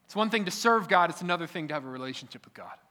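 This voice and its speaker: Male preacher, high voice, emphatic repetition, long hall echo. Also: expressive, very fast. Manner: emphatic, repetitive preaching with sudden drops to quiet. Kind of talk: sermon. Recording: echoey hall.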